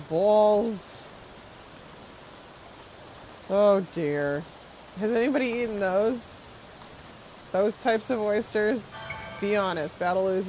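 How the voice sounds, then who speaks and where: A game streamer chatting loosely with viewers while playing, voice sitting in an ordinary middle pitch. The talk wanders and doubles back with plenty of fillers, and the opinions are delivered firmly. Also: a little hiss or hum, low-quality recording. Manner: rambling, chatty, answers chat, strong food opinions. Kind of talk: casual live-stream chat while playing.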